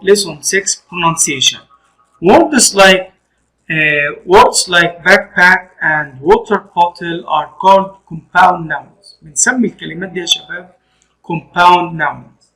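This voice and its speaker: A man's voice: high voice, normal speed, pushed and bright, low-quality recording. A male English teacher with an Egyptian accent, running a classroom lesson and explaining each point again in Arabic.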